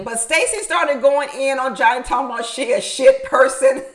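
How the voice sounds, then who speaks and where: A woman giving a casual, animated recap of a reality show, laughing often and repeating her points for emphasis. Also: high-pitched, a little slow, rough recording.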